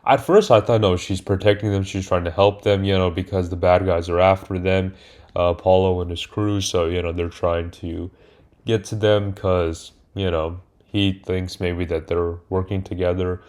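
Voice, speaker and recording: A man's voice: sits low, level tone, normal speed, a little mellow. A man casually recapping a movie's plot as a reviewer, rambling with many fillers and restarts. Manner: rambling, hesitant, many fillers and self-corrections. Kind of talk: casual spoken film recap.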